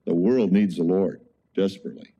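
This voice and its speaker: A man preaching a conversational sermon as a pastor, telling an animated story with frequent exclamations. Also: low voice, a little fast, slightly rough.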